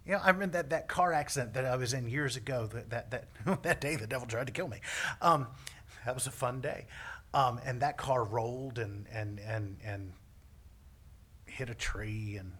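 A male minister with a medium-pitched, husky voice preaches at a moderate pace. He tells a personal story animatedly, laughing frequently and repeating words.

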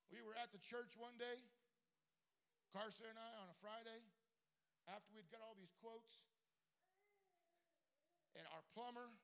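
A man preaching a sermon as pastor, moving from quiet storytelling to shouted, fervent preaching. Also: sits high, creaky.

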